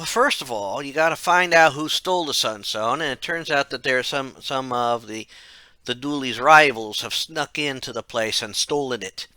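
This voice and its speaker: A man's voice: medium pitch, bright, forceful tone, no room sound. A man narrating a casual game retrospective, rambling, correcting himself and dropping wry asides. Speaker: game reviewer.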